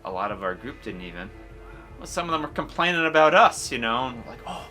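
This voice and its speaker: Animated man telling a story. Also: medium pitch, fast, faint music behind. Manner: animated storyteller, acts out quotes with laughter. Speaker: co-host telling a travel story. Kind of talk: casual chat.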